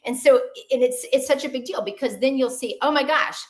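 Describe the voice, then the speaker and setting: A woman doctor giving an online webinar talk in a lively, conversational way, asking the audience questions. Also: high-pitched, a little fast.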